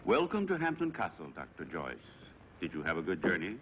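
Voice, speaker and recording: An actor playing a calm, controlling aristocratic husband in dubbed film dialogue, smooth and patronizing. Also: male voice, sits low, fairly quick, noisy background. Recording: dull old film soundtrack.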